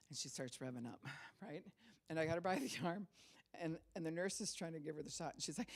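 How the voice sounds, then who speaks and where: A woman's voice: low voice, a little fast, creaky. Woman pastor, 60s, storytelling sermon delivery with lots of laughter. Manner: storytelling, laughs often, acts out quoted voices.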